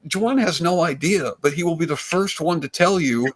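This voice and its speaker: A man, a comedian guest, telling stories in a rambling, animated way with frequent restarts. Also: on the high side, normal speed, husky. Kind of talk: casual storytelling chat.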